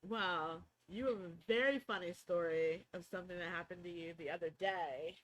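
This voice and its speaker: A woman's voice: fairly low pitch, normal speed, a bit bright, low-quality recording. A woman hosting a podcast, chatting casually and upbeat, with plenty of filler words. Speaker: podcast host.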